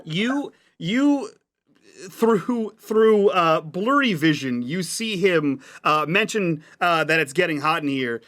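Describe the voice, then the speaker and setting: A man's voice: on the high side, animated, takes it slowly, fairly bright tone. A man narrating as game master of a tabletop game, rambling and laughing as he goes. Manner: rambling, many fillers and restarts, laughs often.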